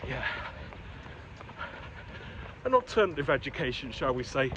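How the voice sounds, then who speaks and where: A man's voice: mid-range voice, very animated, a little slow, bright, forceful tone, muffled recording. A middle-aged man from Newcastle with a Geordie accent tinged with London, chatting frankly while running outdoors through city streets and along a canal. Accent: Geordie mixed with London. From Newcastle, England. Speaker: running vlogger. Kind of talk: casual running vlog. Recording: clear urban background noise.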